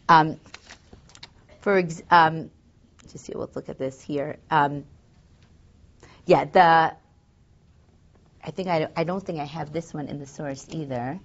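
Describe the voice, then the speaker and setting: A woman's voice: sits low, muffled recording. A woman teaching a text study class, thinking aloud with fillers and reading Hebrew verses. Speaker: Torah teacher.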